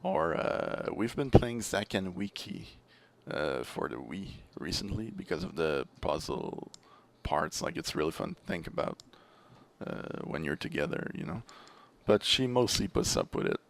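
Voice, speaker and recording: A young man with a Canadian French accent, a French speaker, chatting as a guest on a podcast and telling stories in an animated way. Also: deep voice, a little slow, creaky. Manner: animated storyteller, laughs easily. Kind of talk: casual chat.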